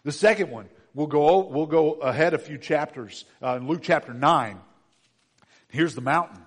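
A middle-aged man preaching a conversational sermon as pastor, with soft asides and gentle quoted lines. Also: fairly high pitch, moderate pace, slightly rough. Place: church sanctuary. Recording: long hall reverb.

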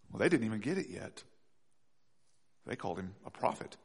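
A male pastor preaching a sermon to his congregation, swinging between soft low asides and loud rising pleas. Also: big pitch swings, moderate pace.

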